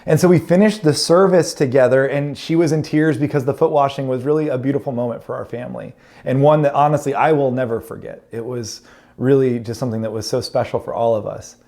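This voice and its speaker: A man's voice: medium pitch, fairly even intonation, fast, warm tone. Humorous storytelling pastor, a man. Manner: humorous, self-deprecating family storytelling. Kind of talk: storytelling sermon.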